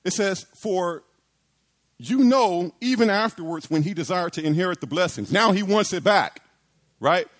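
A man's voice: high-pitched, animated, normal speed. A man preaching a sermon, asking rhetorical questions, repeating phrases and acting out quoted pleas.

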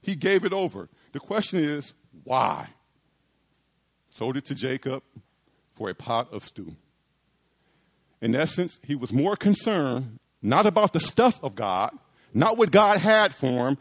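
A man's voice: medium pitch, big pitch swings, measured pace. A man preaching a sermon, asking rhetorical questions, repeating phrases and acting out quoted pleas.

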